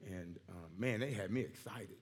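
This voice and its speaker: A hoarse man delivers a sermon, his husky voice trailing off into the long echo of a church hall. He jokes casually with the congregation and slows down to read the Bible aloud. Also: fairly low pitch. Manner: casual, joking, reads scripture slowly. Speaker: guest preacher.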